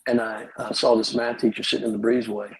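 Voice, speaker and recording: Gravelly pastor telling stories. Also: male voice, mid-range voice, level tone, fast, crowd noise, low-quality recording. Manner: humorous, colloquial storytelling with wry asides. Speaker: pastor, podcast guest. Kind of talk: telling his life story on a podcast.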